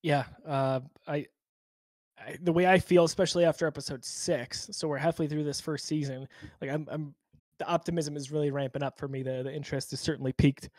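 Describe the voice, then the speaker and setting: A man hosting a podcast in casual chat, thoughtful and halting, with frequent restarts. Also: on the high side, steady tone, darkish tone, dry recording. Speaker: podcast host.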